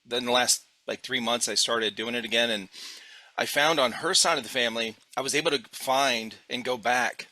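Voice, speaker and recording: American male podcast host, very bright voice, dry close recording, laid-back chatter. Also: medium pitch, normal speed, dry recording. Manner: relaxed, uses dude and like, trailing off. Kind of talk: casual chat.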